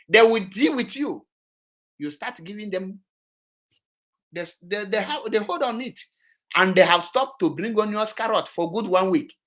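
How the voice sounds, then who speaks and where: A man's voice: high-pitched, pushed and bright. A man with a Nigerian Igbo accent giving an impassioned political monologue, scolding his listeners and switching between English and Igbo. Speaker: political commentator.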